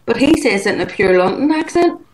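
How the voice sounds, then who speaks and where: A woman's voice: fairly high pitch, very animated, brisk, a little mellow, poor audio. A woman with a Northern Irish accent calling in to a show, blunt, joking and swearing casually. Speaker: caller. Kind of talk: casual call-in chat.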